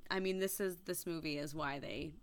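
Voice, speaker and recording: A woman co-hosting a podcast in casual chat, giggly and animated, often acting out quoted lines. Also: low voice, moderate pace, noisy background. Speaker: podcast co-host.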